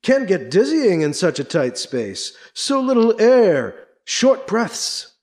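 A man voicing a sinister alien who slowly taunts a trapped man, repeating himself with creeping menace. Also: sits high, very animated, a little mellow, pitched above the performer's own voice, full character voice. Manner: slow, creeping, repetitive menace.

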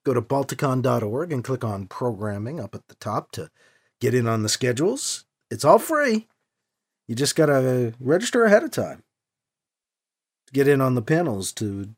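A man who hosts and writes the show, narrating a science fiction story and then speaking to listeners as an expressive storyteller. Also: medium pitch, normal speed, breathy edge. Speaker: host and writer. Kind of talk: audiobook narration.

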